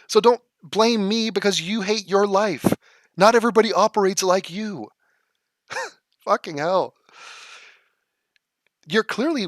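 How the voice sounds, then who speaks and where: High-voiced sarcastic male vlogger. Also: a bit bright, dry recording, studio quality. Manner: sarcastic, profane, exasperated. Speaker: vlogger reading and answering viewer comments. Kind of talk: combative commentary vlog.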